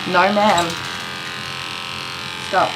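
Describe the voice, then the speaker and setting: Low-voiced woman in an echoey grooming room. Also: flat delivery, very slow. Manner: chatty, dry and sarcastic, laughs often, scolds the dog gently. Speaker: dog groomer livestreaming. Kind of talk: casual chat while working. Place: grooming salon indoors. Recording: echoey room with clipper noise. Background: electric clippers buzzing.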